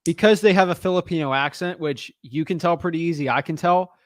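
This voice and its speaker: Blunt guy giving real estate advice, keeps saying dude, kinda high voice, dry. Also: a little fast, no room sound. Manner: blunt, frank, says man and dude a lot. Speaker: real estate wholesaling coach. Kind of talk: casual coaching call.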